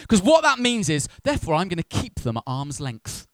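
A man's voice: on the high side, big pitch swings, quick pace, few pauses, no echo, clean studio sound. A man preaching a sermon in a conversational way, acting out voices of churchgoers with humor.

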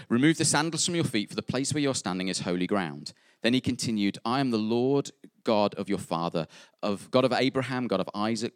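A man's voice: on the low side, no echo, studio quality. A man preaching a conversational sermon in church, reading scripture aloud with fillers, asides and little jokes. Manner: conversational, jokey, self-interrupting with fillers.

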